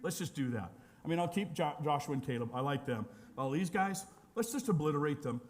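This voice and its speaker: A man voicing God as an exasperated, blunt figure who speaks quickly and offhandedly. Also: on the high side, animated, close to an everyday voice.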